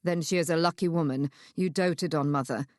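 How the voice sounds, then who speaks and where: A woman voicing a gruff, blunt elder brother with a grumbling, disapproving manner. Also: sits low, brisk, darkish tone, dry recording, studio quality, voice pushed down, close to an everyday voice.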